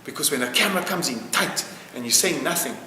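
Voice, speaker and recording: A man's voice: fairly high pitch, expressive, fast talker, noisy background. A man being interviewed, speaking with passion and emphasis and repeating phrases to drive his point home. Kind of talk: impassioned interview answer. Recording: roomy hall with long reverb, faint music.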